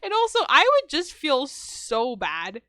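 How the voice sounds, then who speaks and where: A woman's voice: high-pitched, wildly swooping pitch, unhurried, bright, forceful tone, no echo, studio quality. A young woman co-hosting a podcast, chatting casually and animatedly, laughing often as she talks. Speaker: podcast co-host. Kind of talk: casual chat.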